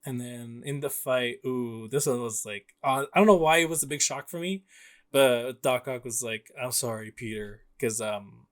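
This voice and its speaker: A man's voice: medium pitch, normal speed. A young man chatting casually about a video game as a podcast co-host, rambling with lots of fillers and frequent laughs.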